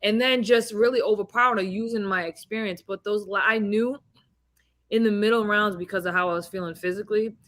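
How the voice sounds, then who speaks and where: An animated woman in casual conversation, recounting events with lively energy and slipping into other people's voices as she quotes them. She speaks at a medium pitch over a video call. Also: a little fast. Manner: animated storyteller, acts out quoted dialogue. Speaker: boxing champion guest. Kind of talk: casual interview chat.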